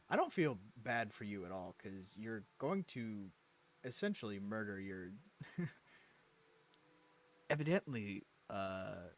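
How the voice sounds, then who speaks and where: A man's voice: fairly low pitch, fairly bright tone, a little hiss or hum. A man playing a mystery game, reading its text aloud and reacting with wry jokes. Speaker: game streamer.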